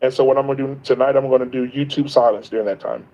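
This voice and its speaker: A man's voice: mid-range voice, fairly even intonation, rapid-fire, mellow. Earnest man on a muffled livestream. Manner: earnest, emphatic, repeats himself and restarts often. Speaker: guest on a livestream, content creator. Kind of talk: casual livestream chat.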